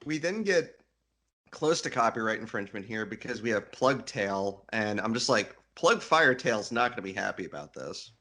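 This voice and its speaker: A man's voice: lowish voice, very animated, normal speed, pushed and bright. A man co-hosting a casual book podcast, rambling a little and often correcting himself as he talks. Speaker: podcast co-host. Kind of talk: casual book-club chat.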